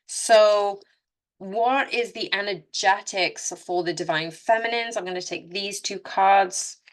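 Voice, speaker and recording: In this relaxed spoken tarot reading, the reader addresses listeners earnestly and directly, frequently starting over and fixing her words. She speaks slowly in a mid-range voice.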